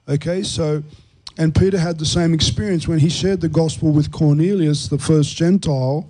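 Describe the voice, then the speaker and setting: A man's voice: on the high side, mellow, low-quality recording. New man teaching with earnest tone. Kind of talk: Christian talk show discussion.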